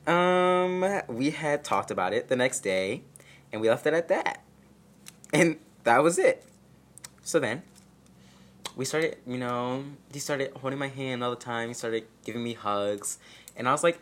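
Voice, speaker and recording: In an animated, fairly bright mid-range voice that moves a little slowly, a storyteller vlogger recounts a personal experience at home with a dog around. Sarcastic and self-mocking, they act out quotes with exaggerated voices in this casual vlog.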